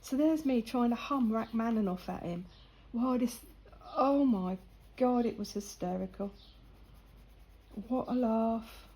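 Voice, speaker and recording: Older woman with a husky voice. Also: on the high side, measured pace, pauses often, warm tone, poor audio. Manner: chatty, laughing anecdotal storyteller. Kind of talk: casual chat while colouring.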